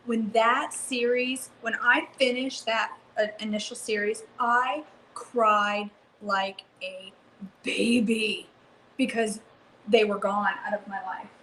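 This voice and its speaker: A woman hosting a live cooking stream from her home kitchen, chatting excitedly and answering viewers by name. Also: fairly high pitch, slow, slight background noise, rough recording. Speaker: cooking livestream host. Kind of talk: casual live cooking chat, reading comments.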